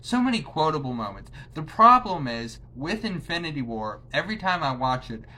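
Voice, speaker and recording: Bright-voiced man gushing about movies. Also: fairly high pitch, sing-song, moderate pace. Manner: enthusiastic, swears casually. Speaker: movie reviewer. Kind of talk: casual movie ranking chat.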